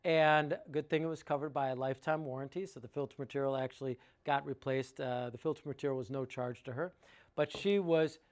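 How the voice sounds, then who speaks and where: A man's voice: mid-range voice, fairly even intonation, a little fast. A man giving an informal sales talk about water treatment, working through sums aloud with enthusiasm and rhetorical questions.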